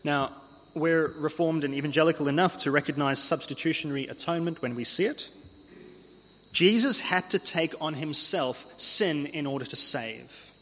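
A man preaching an earnest expository sermon, slowing down to read scripture aloud. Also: a little high, a bit bright. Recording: long hall reverb.

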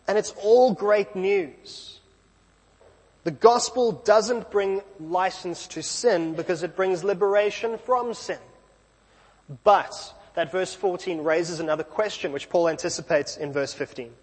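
A man's voice: high voice, unhurried, breathy edge, big-room sound. A man preaching a sermon in a church, talking conversationally with light self-deprecating asides.

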